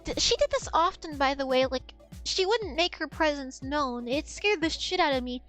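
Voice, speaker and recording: A young woman streamer telling an animated, profane story in casual chat. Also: high-pitched, moderate pace, faint music behind.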